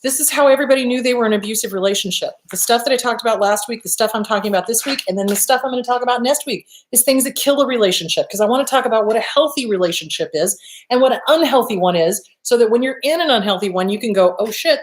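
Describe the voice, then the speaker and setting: A woman's voice: fairly high pitch, very fast, slight background noise. A woman hosting a live advice talk, answering viewer questions in a blunt, emphatic way and swearing casually. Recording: roomy echo.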